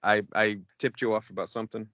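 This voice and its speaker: On a casual podcast, a middle-aged co-host with a very deep voice tells a rambling, profane story, acting out what everyone said. He talks fast in a level, sharp tone, close-miked with a dry sound and no room around it.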